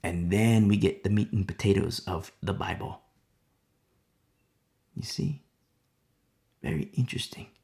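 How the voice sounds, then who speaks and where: Brief: male preacher, gravelly voice, lively pitch, emphatic and insistent. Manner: emphatic, keeps asking "you see?". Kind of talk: sermon.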